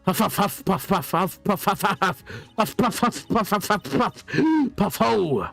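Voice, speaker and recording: A man's voice: high voice, lively intonation, takes it slowly, gravelly, a bit bright, soft background music, pitched above the performer's own voice, full character voice. A man reading game lines as a grumpy old woman, huffing and puffing between words. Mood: wheezing. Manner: huffs and puffs between words. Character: wheezing cranky old woman, always out of breath. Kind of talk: reading game dialogue aloud.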